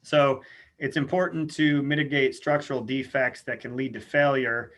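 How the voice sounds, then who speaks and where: A man's voice: mid-range voice, fairly even intonation, normal speed, a bit bright. Man giving a casual webinar lecture. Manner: informal, frequent "uh" and "um" fillers. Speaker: extension lecturer. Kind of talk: webinar presentation.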